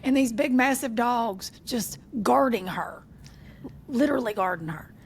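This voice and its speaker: A woman, a podcast co-host chatting casually and telling lively stories about family. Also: a little high, measured pace, a little hiss or hum. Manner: animated storyteller, voices her mother. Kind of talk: casual chat.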